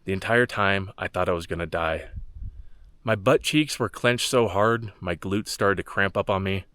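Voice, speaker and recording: A man narrating his long-distance hike in a dry, deadpan vlog style, delivering jokes flatly. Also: sits low, normal speed, no room sound. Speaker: hiking vlogger. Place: outdoors on a mountain trail.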